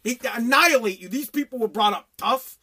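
A man's voice: very high voice, a little fast, breathy edge. A middle-aged man telling a blunt, profane story in a casual rant. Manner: animated, profane, blunt storytelling with mock voices.

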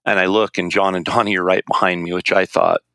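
Male storyteller, deep and gravelly, casual and rambling, dry close sound. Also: little pitch movement, quick pace, pushed and bright, no echo. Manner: rambling, with restarts and quoted dialogue. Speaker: guest recounting a hunting trip.

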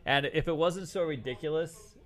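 A man's voice: on the high side, moderate pace, fairly bright tone. A man co-hosting a casual podcast, teasing his co-host and interjecting often with jokes.

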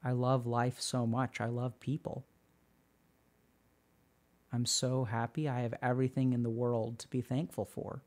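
A man's voice: mid-range voice, a little slow, long pauses, pitched below the performer's own voice, close to an everyday voice. A man doing an eerily serene creepy man. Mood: eerie bliss. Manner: flat, soft, unnervingly serene. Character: eerily calm, overly blissful creepy man.

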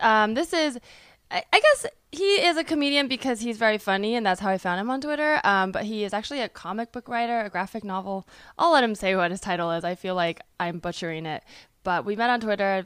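A woman hosting a podcast in casual chat, rambling and upbeat, a bit hoarse as she loses her voice. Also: mid-range voice, a bit bright, dry recording. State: losing her voice. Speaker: podcast host. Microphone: studio microphone at a desk.

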